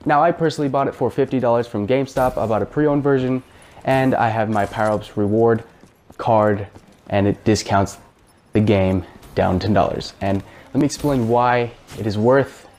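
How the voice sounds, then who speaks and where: A man's voice: medium pitch, moderate pace, a little mellow. A man hosting a casual spoken game review, talking in a chatty, rambling way with fillers and the odd swear word. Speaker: gaming channel host.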